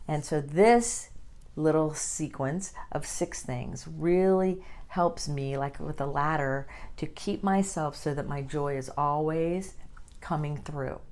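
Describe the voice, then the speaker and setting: Woman, low voice, podcast host, gentle, encouraging, unhurried. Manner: gentle, encouraging, slow and deliberate at times. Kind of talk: inspirational podcast talk.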